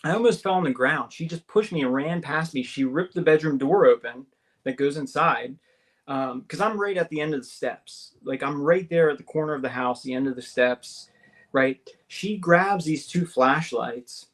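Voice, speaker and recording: A man with a somewhat high voice tells a personal story as a guest on a talk radio show. He talks excitedly, with constant fillers and tag questions, and his pitch leaps up whenever he acts out what someone said. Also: normal speed. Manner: acts out the quoted voices, jumping higher for them. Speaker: guest recounting an abduction experience. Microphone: call-in or studio mic on a talk radio show.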